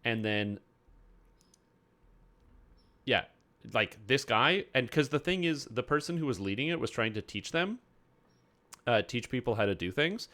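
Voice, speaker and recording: Male streamer, lowish voice, easygoing filler-heavy storytelling. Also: a bit bright. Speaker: game streamer. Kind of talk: casual stream chat.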